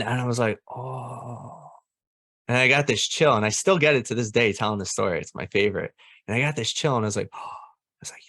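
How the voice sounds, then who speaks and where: A man's voice: medium pitch, fairly bright tone, no room sound, clean studio sound. A young man as a podcast guest, telling a personal story earnestly and animatedly, laughing often.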